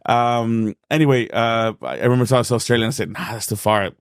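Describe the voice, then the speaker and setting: Gravelly-voiced Mexican man telling stories. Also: medium pitch, fast talker, no echo, studio quality. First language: Spanish. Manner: animated storyteller, acts out dialogue, swears freely. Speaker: stand-up comedian guest. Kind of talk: casual podcast interview storytelling.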